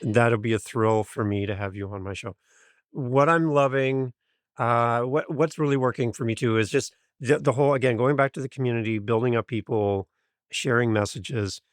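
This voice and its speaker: Male podcast guest, high-energy, enthusiastic storyteller, close dry mic. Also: moderate pace, no echo. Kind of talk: interview storytelling.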